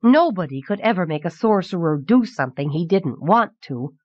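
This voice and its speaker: A woman voicing a petulant, excitable little prince boy who whines and pouts, heard on a dull, dry old cassette recording. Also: lowish voice, moderate pace, no room sound. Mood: wistful. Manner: whiny and pouting, then breathless with awe.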